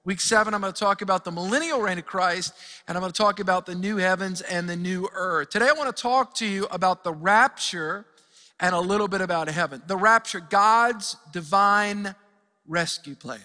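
A man's voice: sits high, a little fast, in a large hall. A man preaching a sermon as pastor, talking energetically with frequent restarts, recorded in a church sanctuary on a stage microphone. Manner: energetic storytelling with many restarts.

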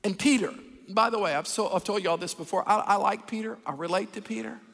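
High-voiced animated man preaching in a hall. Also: fast talker, vocal fry. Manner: animated, folksy, acts out Bible characters. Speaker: pastor. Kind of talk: sermon. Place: large church hall. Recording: long reverb of a church hall.

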